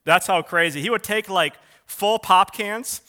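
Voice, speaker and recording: A man's voice: high-pitched, a little slow. A man preaching a sermon, telling a story in a loose, conversational way and acting out quotes in a raised voice. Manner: animated, acts out quotes in a raised voice. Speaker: pastor.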